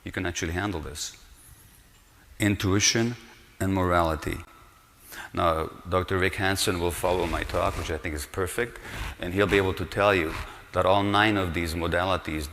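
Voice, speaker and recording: Low-voiced older man lecturing in a hall. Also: fairly bright tone. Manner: earnest, emphatic, with rhetorical questions. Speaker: speaker giving a lecture. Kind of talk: public lecture. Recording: long reverb of a lecture hall.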